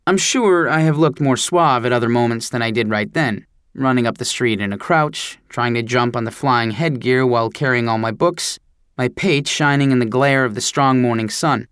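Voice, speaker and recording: Homem narrando com humor seco. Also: male voice, medium pitch, moderate pace, fairly bright tone, smooth, no room sound, studio quality. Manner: wry, self-deprecating storytelling. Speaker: audiobook narrator. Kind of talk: first-person audiobook narration.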